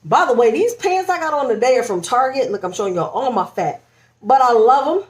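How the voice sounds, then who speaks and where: Bubbly high-voiced woman chatting, echoey room. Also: expressive, a little fast. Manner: bubbly, chatty, laughs often, says y'all. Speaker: vlogger. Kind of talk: casual pregnancy vlog chat. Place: at home.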